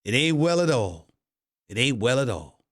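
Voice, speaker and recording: A man voicing a mock Southern cowboy fan in a put-on Southern drawl, sing-song and shouting as he teases. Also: mid-range voice, sing-song, normal speed, voice pushed down. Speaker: host.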